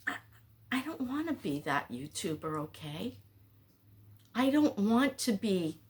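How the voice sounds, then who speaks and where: A woman's voice: mid-range voice, big pitch swings, measured pace. A middle-aged woman vlogging at home in a rambling, chatty way, often breaking off her own thoughts. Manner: rambling, chatty, frequent self-interruptions. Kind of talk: casual talking-head chat.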